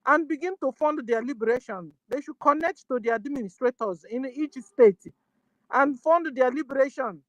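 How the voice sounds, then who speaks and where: A woman's voice: sits high, normal speed, a bit bright, lo-fi sound. A Nigerian woman speaking with fervor on a call-in discussion, full of rhetorical questions and repeated rallying phrases, switching into Igbo now and then. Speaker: guest speaker.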